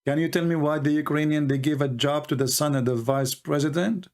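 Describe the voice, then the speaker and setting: A man's voice: on the high side, brisk, a little mellow. A man debating religion and politics in a combative, mocking way, firing rhetorical questions in non-native English. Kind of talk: live call-in debate commentary.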